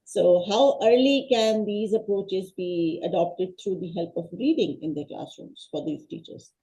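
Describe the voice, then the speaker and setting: A woman's voice: medium pitch, unhurried, warm tone, poor audio. A woman from Pakistan hosting an informal interview, asking polite, formal questions and addressing her guest as ma'am. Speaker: interview host.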